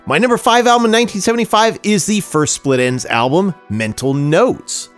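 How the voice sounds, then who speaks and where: Guy on a music podcast, animated up and down, dry jokey reviews, faint music behind. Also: sits high, fast talker. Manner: dry joking, reads prepared reviews. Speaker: podcast co-host. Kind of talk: casual music podcast chat.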